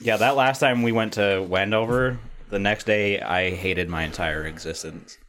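A young adult man chats on a podcast, a low-pitched voice loosely winding through a long story. He swears freely and keeps things casual. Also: fairly even intonation, moderate pace, fairly bright tone, slight background noise. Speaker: podcast host. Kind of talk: casual chat.

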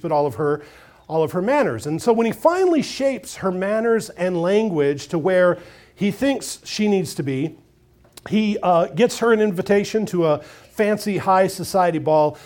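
Male pastor, slightly higher pitch, reads scripture and preaches conversationally. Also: a little mellow. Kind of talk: sermon with scripture reading.

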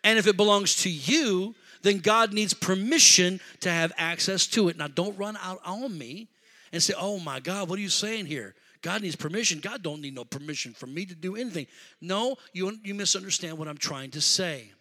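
Bright, high-voiced preaching man. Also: normal speed. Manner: storytelling, swings from quiet to shouting. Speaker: pastor. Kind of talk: sermon.

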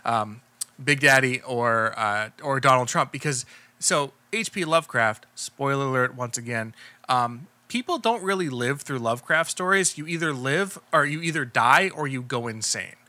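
Guy on a movie podcast, super bright voice, dry close sound, rambly. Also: mid-range voice, expressive, moderate pace, dry recording. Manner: rambling, chatty, frequent fillers and restarts. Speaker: podcast co-host. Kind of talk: casual film review chat.

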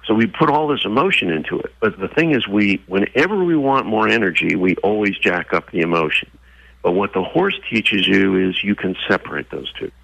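A man's voice: sits low, vocal fry, no room sound, highs cut off. A man being interviewed as an author, talking about horses and energy and acting out voices as he tells stories. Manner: animated storyteller who acts out voices. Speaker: guest, author. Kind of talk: interview conversation with storytelling.

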